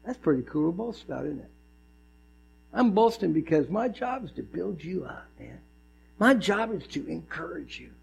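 Animated high-voiced male pastor preaching. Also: moderate pace, vocal fry, highs cut off, slight background noise. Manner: conversational and animated, acting out dialogue. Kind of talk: sermon.

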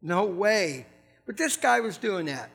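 A man with a notably high voice delivers a sermon. He keeps it loose and conversational, chuckling as he goes and checking in with the congregation. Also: sing-song, a little slow, creaky, fairly bright tone, faint music behind. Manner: conversational, laughs often, asks the congregation questions. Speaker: preacher.

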